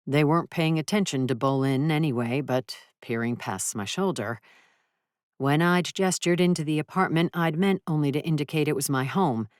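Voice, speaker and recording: Low-voiced female audiobook narrator, measured and dry, close studio sound with no room. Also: no room sound. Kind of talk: scripted first-person narration.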